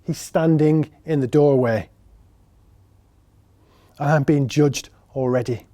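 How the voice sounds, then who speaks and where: A man's voice: fairly high pitch, takes it slowly, mellow. A man performing a solo theatre monologue, wry and sardonic, speaking straight to the audience. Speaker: writer and performer.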